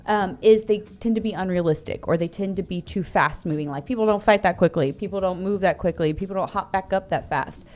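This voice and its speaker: A woman's voice: fairly low pitch, brisk, hardly any pauses, darkish tone. A woman co-hosting a casual movie discussion, enthusiastic and chatty. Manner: enthusiastic, chatty, laughs easily. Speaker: co-host.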